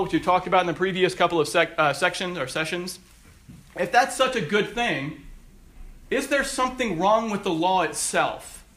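Emphatic high-voiced male pastor. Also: moderate pace, fairly bright tone. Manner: emphatic, rising on quoted scripture. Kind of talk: sermon.

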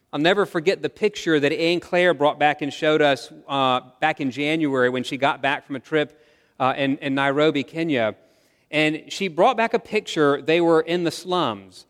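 A man's voice: a little high, moderate pace, fairly bright tone, big-room sound. A man preaching a sermon to his congregation in an earnest, conversational way, asking them questions. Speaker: pastor. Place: church sanctuary.

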